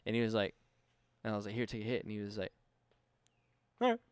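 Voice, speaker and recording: A man co-hosting a casual podcast chat, swearing freely and telling animated stories about his family. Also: on the low side, clean tone, no room sound. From Mexican family. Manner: fast, swearing, animated storytelling. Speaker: podcast co-host.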